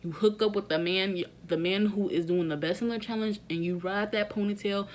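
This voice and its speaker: Brief: young woman vlogger, sassy and slangy, mid-pitched, casual reality TV recap. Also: steady tone, fairly quick, few pauses.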